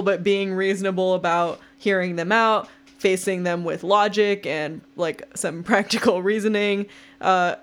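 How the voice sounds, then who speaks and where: A young woman co-hosts a podcast in a loose, chatty way, full of "like" and "um" and quick to laugh. Her talk rambles easily between the book and her own life. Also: mid-range voice. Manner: chatty, uses many fillers, laughs easily. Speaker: podcast co-host. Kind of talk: casual book-club chat.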